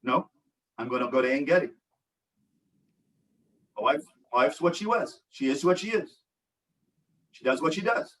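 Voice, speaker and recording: An older man, a rabbi and relationship coach, teaching an online support group with animated storytelling and acted-out quotes. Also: a little high, moderate pace, pauses often, distant mic, rough recording. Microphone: video call.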